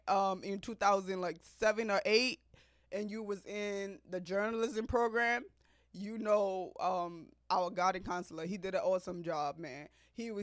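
A woman in her thirties from Africa, hosting a podcast and telling her life story to listeners in an expressive, chatty way, often laughing. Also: mid-range voice, dry recording, studio quality. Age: 30s. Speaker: podcast host. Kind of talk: personal storytelling monologue.

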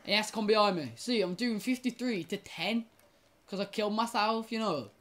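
A young woman chats casually to her audience while she plays. She stumbles and restarts sentences and curses at the game. Her voice sits at a middle pitch, with faint background noise. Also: moderate pace, fairly bright tone. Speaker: gaming YouTuber. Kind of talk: casual gaming commentary.

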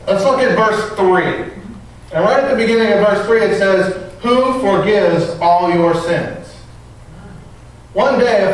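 A man preaching a sermon as a pastor, reading scripture, praying and telling stories in an earnest way. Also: sits high. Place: church sanctuary. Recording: echoey church from a distance.

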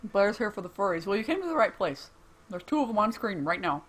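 A woman's voice: mid-range voice, sing-song, husky. A young adult woman playing a video game and joking through casual commentary. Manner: teasing, jokey, quick to laugh. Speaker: let's play streamer. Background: game music.

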